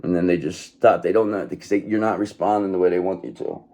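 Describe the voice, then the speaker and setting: A man's voice: sits low, fairly even intonation, fast talker, a little mellow. A man giving a casual tarot reading, blunt and profane, who keeps checking in with "okay". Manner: blunt, profane and repetitive, often says okay. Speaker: tarot reader.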